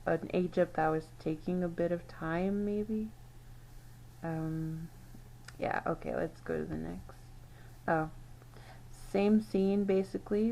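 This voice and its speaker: A woman's voice: lowish voice, mellow, rough recording. A woman host giving casual, musing commentary on old game screenshots, often trailing off and correcting herself. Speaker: channel host.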